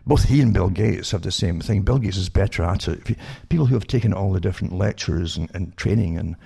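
A man with a low, gravelly voice talks through news articles for his listeners in loose, rambling bursts. His tone is dark and husky, and he keeps breaking off and restarting to fire rhetorical questions at the audience. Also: quick pace. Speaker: online commentator reading news articles. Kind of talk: rambling spoken commentary to listeners.

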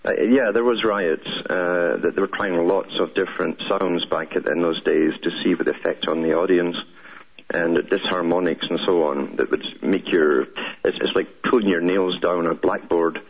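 A man's voice: low-pitched, fairly even intonation, moderate pace, gravelly, a little hiss or hum. An older man hosting a call-in radio show, explaining at length and telling stories to a caller. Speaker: radio talk show host. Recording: muffled radio broadcast audio.

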